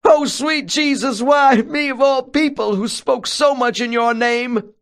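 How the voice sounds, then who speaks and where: A man voicing a terrified evangelical preacher who cries out in a shrill, shouting voice. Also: very animated, slow, heavily acted. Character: terrified male evangelical preacher, fiery, shaken, stubborn.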